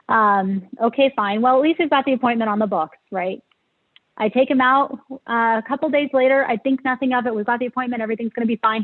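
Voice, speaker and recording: Woman, interview guest, hesitant, emotional storytelling, tinny phone-like sound. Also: medium pitch. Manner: hesitant, emotional, many fillers.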